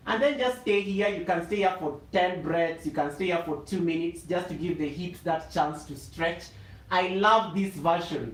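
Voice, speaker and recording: A man's voice: sits high, a bit bright, distant mic. A man teaching a live yoga class, repeating phrases for emphasis and groaning as he stretches. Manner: talks while stretching, groans and exclaims. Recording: echoey room, voice away from mic.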